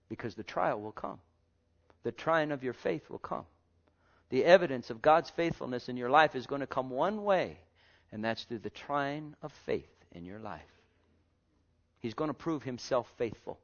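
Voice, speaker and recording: A man preaching a fervent sermon, calling out to the congregation, dropping to soft low words and rising to loud high exclamations. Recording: dull lo-fi recording.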